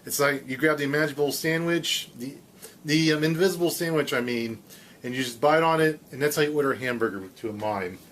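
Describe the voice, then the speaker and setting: A man's voice: fairly high pitch, fairly quick, a bit bright, a little hiss or hum. A man hosting a casual college radio show, rambling and joking, speaking into a studio microphone. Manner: rambling, jokey, with fillers and self-corrections. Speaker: radio host.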